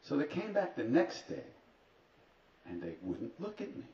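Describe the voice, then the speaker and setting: His mid-range, mellow voice swoops wildly in pitch while he takes his time, a spiritual teacher telling humorous stories to a retreat audience. Wry, dry asides and self-mockery run throughout. Recorded live in the retreat hall, the audio is distant, roomy and dull, with faint ambience.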